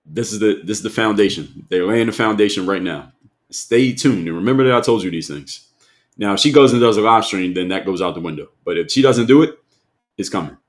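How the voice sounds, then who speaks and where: Low-voiced man quizzing his live chat. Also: brisk. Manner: emphatic, repeats points and quizzes chat. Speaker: live stream host. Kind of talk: live stream commentary.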